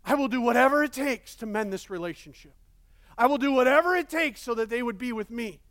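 A man's voice: extremely high pitch, expressive, fairly quick, a bit bright, dry recording, studio quality, voice pushed up. A man voicing God calling out for the lost man in anguish during a sermon. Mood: resolute. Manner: crying out, pleading.

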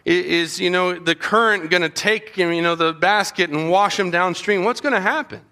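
A man preaching a Bible story to children, animated and acting out the voices of the people in it. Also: sits high, moderate pace. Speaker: children's pastor. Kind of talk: storytelling sermon.

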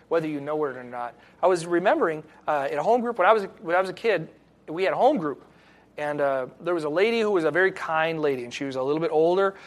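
A middle-aged male pastor giving an earnest, reflective sermon with personal stories. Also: on the high side.

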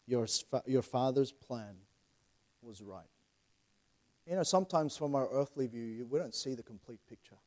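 A man preaching a sermon and reading a poem aloud, earnest, quick phrases that fall away softly, with frequent restarts. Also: medium pitch, expressive. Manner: earnest, fast then trailing softly.

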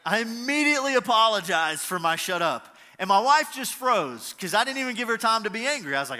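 High, bright-voiced man preaching in a hall. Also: big pitch swings, fairly quick, few pauses. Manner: earnest, repeats key lines for emphasis. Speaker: pastor. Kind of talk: sermon.

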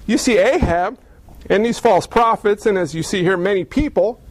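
A male pastor with a notably high voice delivers a lively sermon. He tells the story with humor and slips into mocking character voices. The sound is dry and close. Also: normal speed, dry recording.

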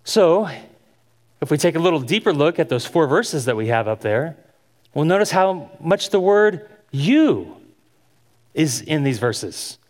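A man delivers an instructional sermon in an earnest, questioning way, drawing his listeners in. His voice sits slightly high for a man, and a long reverb trails each phrase as if he were in a large hall. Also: big pitch swings, unhurried. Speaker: Bible teacher.

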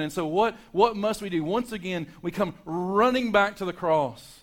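Preaching man, swinging loud to soft. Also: high-pitched, normal speed. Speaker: pastor. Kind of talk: sermon.

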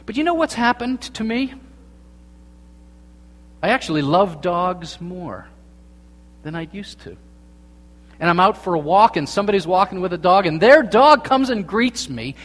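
A man preaching a sermon as a pastor, earnest, dropping to hushed tones and then rising to emphatic points. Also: sits high, big pitch swings, normal speed, long pauses. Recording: long reverb of a large hall.

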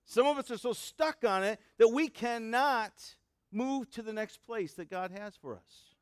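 Man preaching, high voice, dry close sound, chatty, questions to the crowd. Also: lively intonation, unhurried, clean tone, no echo. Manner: conversational preaching, asks the congregation questions, many fillers and restarts. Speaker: pastor. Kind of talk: sermon with a told joke.

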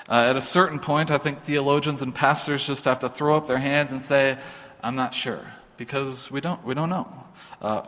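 A man's voice: medium pitch, a bit bright. A man pastor giving an informal, earnest sermon, often restarting his sentences. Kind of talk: conversational sermon. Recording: long hall reverb.

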